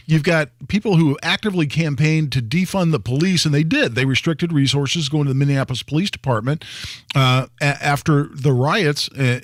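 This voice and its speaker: Earnest male radio co-host, halting restarts. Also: fairly high pitch, dry recording, studio quality. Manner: earnest, with many restarts and repeated words. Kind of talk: talk radio political discussion. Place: radio studio. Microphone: studio microphone.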